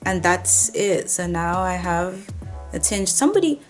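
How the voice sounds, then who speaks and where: A woman's voice: fairly low pitch, a little slow, soft background music. Chatty young woman from Nigeria. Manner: chatty, animated, with playful put-on voices of commenters. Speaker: vlogger. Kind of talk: casual talking-to-camera chat.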